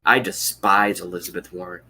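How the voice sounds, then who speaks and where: A man's voice: deep voice, fairly even intonation, moderate pace, creaky, sharp tone, slightly rough. A man in his thirties ranting on a live stream, blunt, sarcastic and profane, reading out chat comments. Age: 30s. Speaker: political vlogger.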